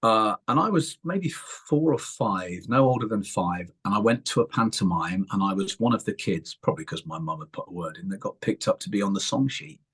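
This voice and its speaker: A husky, fairly low-pitched English man in middle age talks about his life in pantomime. He tells his memories as animated anecdotes and slips into other people's voices to act them out. The tone stays casual and conversational throughout. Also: brisk, hardly any pauses. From England. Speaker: puppeteer and panto performer. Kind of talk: casual interview storytelling.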